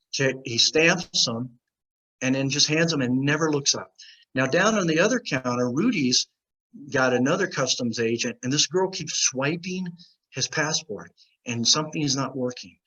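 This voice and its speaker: Unhurried and mid-range in pitch, this American interview guest spins a casual tale, performing the voices of the characters involved. The audio is poor.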